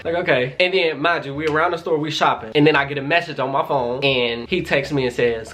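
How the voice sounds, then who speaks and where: A man's voice: on the high side, brisk, few pauses, a bit bright. A young man telling a personal story in a casual, chatty way, acting out the dialogue with lots of "like" and "y'all". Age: young adult. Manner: chatty, loose, quotes people in dialogue, frequent "like" and "y'all". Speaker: vlogger.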